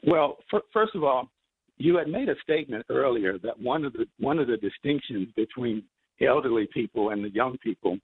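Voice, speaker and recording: A man calling into a show over a tinny phone line, his voice husky and dry. He speaks haltingly, filling the gaps with ums and uhs as he tries to finish his point. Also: medium pitch, lively intonation, no echo. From Milwaukee, Wisconsin. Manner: hesitant, halting, many fillers. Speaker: caller.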